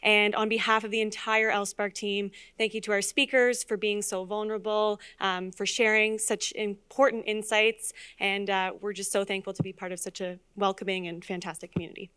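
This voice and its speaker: A woman's voice: mid-range voice, flat delivery, normal speed, few pauses, sharp tone, clean tone. A woman marketing manager giving enthusiastic closing thank-you remarks at a live event.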